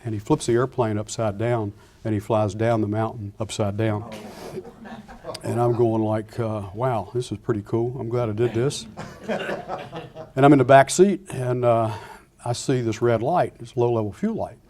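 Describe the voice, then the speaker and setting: Older guy telling old flying stories at a lecture, warm low-key voice, lots of restarts. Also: moderate pace. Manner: animated storyteller acting out dialogue, frequent restarts. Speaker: guest speaker, retired Air Force pilot. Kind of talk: anecdotal lecture storytelling.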